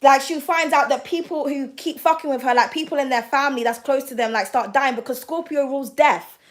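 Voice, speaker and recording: Woman, high voice, brash tarot reader, blunt and foul-mouthed. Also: brisk. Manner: blunt, profane, ranting. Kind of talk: livestream chat.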